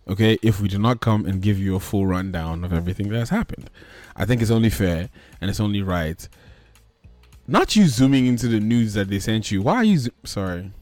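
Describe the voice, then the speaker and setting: A man's voice: fairly low pitch, a little mellow, dry recording. A man hosting a podcast in casual chat, ranting animatedly and swearing freely. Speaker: podcast host.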